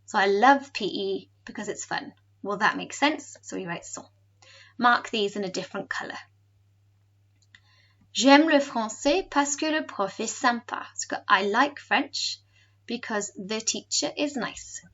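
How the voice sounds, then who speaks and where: A woman teacher explaining a language lesson in a clear, patient way. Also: fairly high pitch, a little slow, a bit bright, dull audio. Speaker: French teacher. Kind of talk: recorded home lesson.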